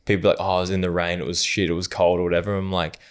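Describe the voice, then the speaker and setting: Man, young adult, very deep voice, rapid talk, blunt, casual podcast chat. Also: background noise. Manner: blunt, swears freely, animated. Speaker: podcast guest.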